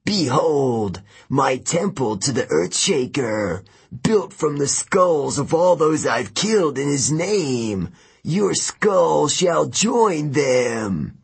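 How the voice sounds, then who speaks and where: A man voicing a huge, brutal giant who rules an arena, speaking slowly in a booming voice with a husky, raised tone. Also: big pitch swings, exaggerated voice. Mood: gloating. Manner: slow booming shouts. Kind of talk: audiobook narration.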